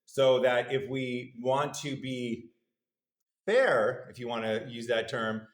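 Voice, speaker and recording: A man giving a university lecture at a middle pitch, conversational and good-humored, turning to the audience with questions. The room is roomy and echoes around him. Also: slow. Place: lecture hall.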